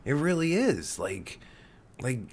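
A man's voice: mid-range voice, very animated, takes it slowly, creaky, a little mellow. A man around forty rants on a podcast, swearing and rambling with many fillers. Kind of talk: profane podcast rant.

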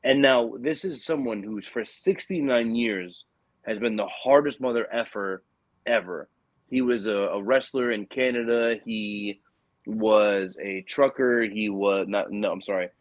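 A man's voice: lowish voice, unhurried, no echo, poor audio. A young adult man telling a personal story in casual conversation, earnest and rambling with many restarts.

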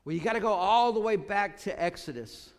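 A man preaching a sermon as pastor, often dropping low and quiet to stress a point. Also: expressive, brisk, big-room sound.

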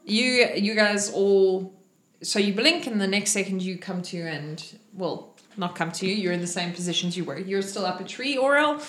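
A woman narrating a tabletop game as game master, playful and quick to laugh. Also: mid-range voice, lively intonation, fairly bright tone, echoey room.

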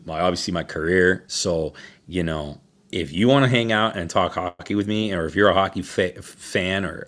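A man's voice: low-pitched, fairly bright tone. A hockey broadcaster, a man, chatting as a guest on a podcast in an easygoing, conversational way with many restarts. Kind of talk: casual podcast interview.

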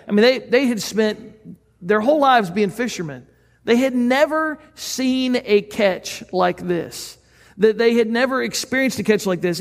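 High, gravelly-voiced pastor preaching. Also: male voice, long reverb tail. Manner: conversational, earnest, asks the listeners questions. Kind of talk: sermon.

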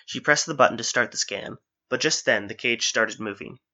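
A man reads an adventure story aloud in a steady, engaged manner. His voice is very bright and sharp at an ordinary pitch, and the recording sounds dull and lo-fi. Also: moderate pace. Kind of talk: audiobook-style story narration.

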